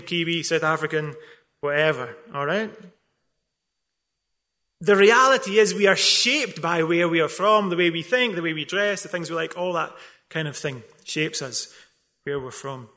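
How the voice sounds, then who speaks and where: A pastor with a high voice and a bright, sharp edge to his tone delivers a full sermon. He hammers his points with rhetorical questions and drops in dry, joking asides; he is not from England.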